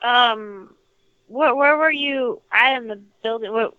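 A woman speaks over a muffled phone line, her voice smooth and clear beneath the dullness of the call. She answers hesitantly and politely, pausing with small fillers. She sounds like the unsuspecting target of a prank call. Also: fairly high pitch, sharp tone, dry recording.

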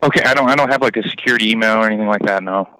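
A man's voice: fairly low pitch, rapid-fire, sharp tone, no echo, rough recording. A man working as a hotel general manager, staying patient and polite while confused.

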